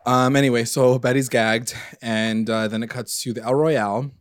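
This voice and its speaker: A man's voice: mid-range voice, moderate pace, no echo, studio quality. A young man casually recapping a TV episode on a podcast, rambling with lots of fillers and the odd swear word. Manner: rambling, filler-heavy, animated retelling with swearing. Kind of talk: casual chat.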